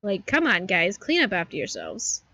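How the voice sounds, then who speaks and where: A woman's voice: mid-range voice, huge pitch swings, normal speed, gravelly, sharp tone, dry recording. A woman in her thirties streaming a game and chatting, narrating to herself as she plays. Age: 30s. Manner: chatty, talks to herself while playing. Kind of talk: live gaming commentary.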